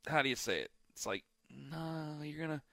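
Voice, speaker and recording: A man co-hosts a sports talk show in loose, rambling banter, poking fun at himself and trailing off quietly. His voice is bright and slightly high. The sound is dry and close to the studio mic. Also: lively intonation, normal speed, no room sound. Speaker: radio co-host. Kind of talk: casual sports radio banter.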